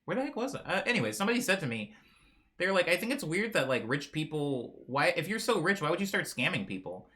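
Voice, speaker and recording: A young livestream host with a fairly high, sing-song, pushed and bright voice chats casually at a brisk pace. He reads viewer comments playfully and ramblingly, laughing often and mispronouncing names.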